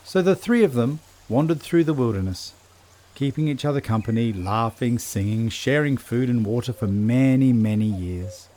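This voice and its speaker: A man narrating a children's story in a gentle, measured storytelling voice. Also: medium pitch, expressive.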